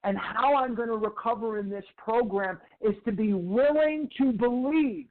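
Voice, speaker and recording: Male recovery speaker with a high voice who tells stories and drives points home by slow repetition; thin, phone-like recording. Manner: slow, emphatic repetition of phrases. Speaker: twelve-step recovery speaker. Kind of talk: storytelling lecture. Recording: tinny phone-like sound.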